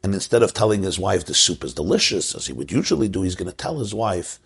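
A Jewish religious teacher gives a sermon built around a joke, telling it as a story, rising to emphasis and drawing a lesson from it. His low voice swings widely in pitch and is creaky, a bit bright and breathy at the edges. He talks fast and barely pauses.

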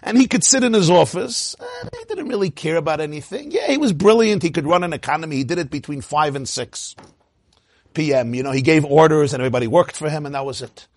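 A man giving an animated lecture on Hasidic teaching as a Torah teacher, firing rhetorical questions and often laughing. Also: on the high side, fast talker, dry recording.

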